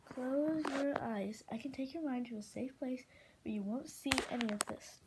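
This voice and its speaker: A woman's voice: sits high, normal speed, heavy background noise, natural voice. A woman voicing an ancient male dragon who speaks in a soothing, persuasive way.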